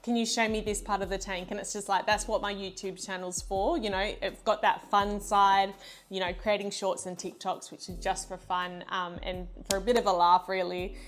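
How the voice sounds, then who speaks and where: A woman's voice: mid-range voice, level tone, moderate pace, slight background noise. Chatty Australian woman. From Western Australia. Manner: chatty, lighthearted, many fillers. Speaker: guest, reef aquarium YouTuber. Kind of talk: casual video-call interview.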